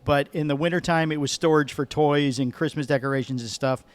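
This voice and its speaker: A man's voice: fairly high pitch, steady tone, brisk. A middle-aged man from Michigan telling a rambling story as a podcast guest, correcting himself as he goes. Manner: rambling, self-correcting, chatty. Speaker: guest, cigar sales manager. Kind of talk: casual storytelling.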